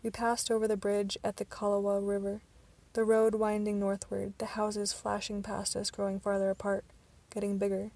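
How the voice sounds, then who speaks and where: A woman's voice: medium pitch, monotone, moderate pace, hardly any pauses, a little mellow, dry recording. A woman narrating an amateur audiobook reading, stumbling at times with restarts.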